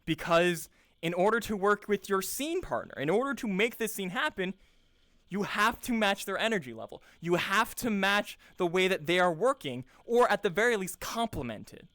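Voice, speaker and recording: Enthusiastic and earnest, a young man who teaches improv rambles casually, repeating words and restarting as he hunts for what to say. His high voice is bright, forceful, and animated at a moderate pace, in a dry, studio-quality recording.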